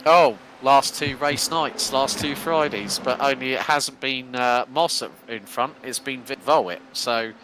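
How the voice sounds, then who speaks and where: A man commentating a sim racing broadcast, calling the action quickly with casual fillers between remarks. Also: medium pitch, background noise. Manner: fast, excitable play-by-play with fillers.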